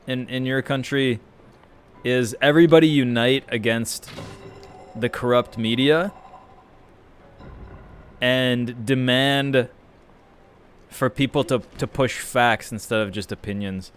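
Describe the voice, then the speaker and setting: This gamer speaks slowly, with frequent pauses and fairly even intonation, in a clear, resonant medium-pitched voice. He wanders through a profane, easygoing live-stream conversation, reading chat messages aloud and replying.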